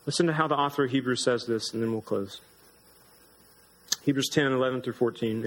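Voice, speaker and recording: A man's voice: steady tone, normal speed, long pauses, rough recording. Earnest male pastor preaching. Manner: earnest, rises in pitch for emphasis. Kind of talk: sermon.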